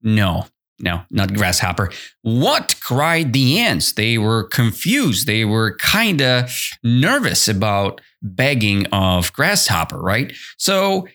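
A man's voice: fairly low pitch, takes it slowly. A man teaching English on a podcast, explaining a story and asking his listeners questions as he goes. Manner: animated, repetitive, asks listeners questions. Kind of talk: explaining a story in a language lesson.

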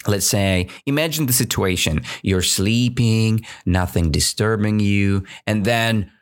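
A man's voice: lowish voice, measured pace, smooth. A man teaching English vocabulary in a casual lesson, asking questions and tagging sentences with "right?", with non-native grammar. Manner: animated, asks many questions, says "right?" often. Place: indoors, drinking coffee at the mic.

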